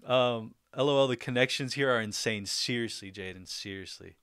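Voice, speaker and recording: A man's voice: medium pitch, normal speed, fairly bright tone, clean tone, dry recording, clean studio sound. A young man hosting a livestream, chatting casually and upbeat, laughing often as he reads out viewer comments. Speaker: livestream host.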